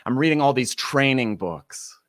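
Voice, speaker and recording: A man of middle pitch tells a personal story to a listener, his delivery animated and full of acted-out quotes. The sound is dry and close, with no room echo around the voice. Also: unhurried.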